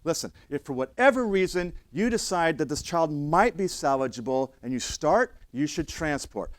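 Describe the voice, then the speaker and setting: With a slightly high, animated voice at a moderate pace, a middle-aged man lectures emergency responders in class, weaving in stories and acting out the voices he quotes. He's blunt and conversational, and there's no echo.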